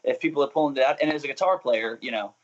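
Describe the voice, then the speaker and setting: A man's voice: medium pitch, racing, dull audio. A young adult man talking as a musician guest in a casual interview, chatty and self-interrupting, often laughing.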